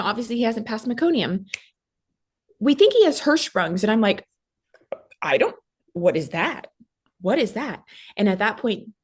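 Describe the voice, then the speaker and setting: A woman in her thirties, a guest mother retelling a traumatic hospital week, talking quickly with many fillers and acting out what others said. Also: mid-range voice. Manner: fast storytelling with many fillers, acting out quoted voices. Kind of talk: emotional personal recount.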